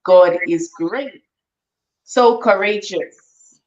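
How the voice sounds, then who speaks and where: A woman's voice: mid-range voice, drawn-out words, a little hiss or hum. A woman hosts a live online talk show. She keeps thanking and blessing her guest in an effusive way. Her recording sounds slightly dull and lo-fi. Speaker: host.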